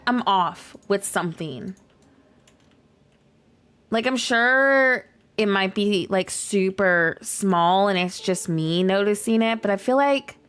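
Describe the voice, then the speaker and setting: A woman's voice: mid-range voice, a bit bright. Scratchy-voiced woman chatting on stream. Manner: chatty, rambling, heavy use of "like". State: scratchy, hoarse voice. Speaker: game streamer. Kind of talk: casual livestream chat while playing.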